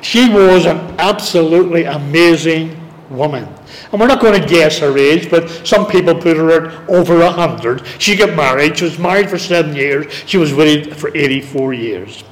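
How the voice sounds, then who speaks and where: A man teaching a Bible study in sermon style. He reads scripture slowly and deliberately, stressing words one at a time. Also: fairly high pitch. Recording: long reverb of a large hall.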